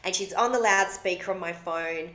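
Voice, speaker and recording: A woman's voice: on the low side, moderate pace, fairly bright tone. A woman, co-hosting a podcast and telling a personal story in casual chat, blunt and emphatic, swearing freely. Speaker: podcast co-host.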